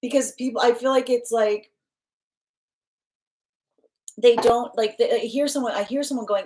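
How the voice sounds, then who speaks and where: A woman's voice: a little high, steady tone, fairly quick, darkish tone. A woman giving a live tarot reading, talking in loose, rambling run-ons full of fillers and restarts, acting out what others might say. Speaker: tarot reader.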